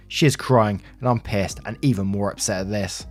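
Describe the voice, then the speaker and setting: A man reading a first-person story aloud in a steady, earnest narrating manner. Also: fairly low pitch, brisk, hardly any pauses, no room sound. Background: faint music.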